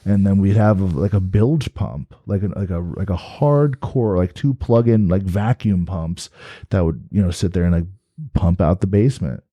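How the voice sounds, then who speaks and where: A man's voice: sits low, moderate pace, warm tone, dry recording, muffled recording. A man from New Jersey telling a rambling story as a guest in casual chat, swearing freely. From New Jersey, USA.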